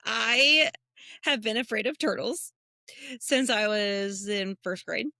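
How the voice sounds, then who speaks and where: A woman from the United States, co-hosting a podcast, telling animated stories in a casual chat and jumping up high when she quotes people. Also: slow, vocal fry, dry recording, clean studio sound. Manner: animated storyteller who jumps high when quoting people. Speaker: podcast co-host.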